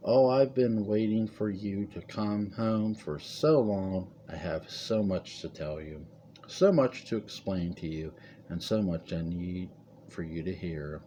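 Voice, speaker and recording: A man's voice: low-pitched, unhurried, dark tone, a little hiss or hum. A man voicing a frightened old matriarch. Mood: tender. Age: 80s. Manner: pleading, urgent. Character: frightened elderly woman, family matriarch.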